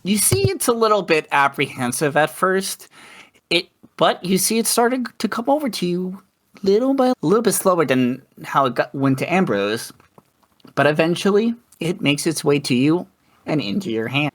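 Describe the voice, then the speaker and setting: A man's voice: on the high side, sing-song, moderate pace. A man guiding players through a tabletop session, his voice rising and falling a lot. He is easygoing and laughs often. He sounds like he is on a voice call. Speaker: dungeon master. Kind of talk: narrating a tabletop game.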